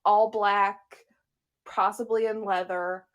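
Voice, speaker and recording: A young adult woman co-hosting a podcast, chatting casually with playful, excitable storytelling. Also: mid-range voice, slow. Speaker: podcast co-host. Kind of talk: casual chat.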